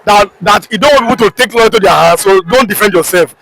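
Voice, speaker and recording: A man's voice: high-pitched, fast, creaky, a bit bright, rough recording. A man with a Nigerian English accent hosting an online news talk show, urgently repeating headlines and viewer appeals. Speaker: host.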